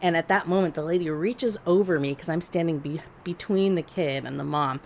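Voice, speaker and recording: A woman on a podcast telling a story in casual chat, blunt and profane, animated and laughing as she talks. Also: deep voice, fairly quick, a little hiss or hum. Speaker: podcast co-host.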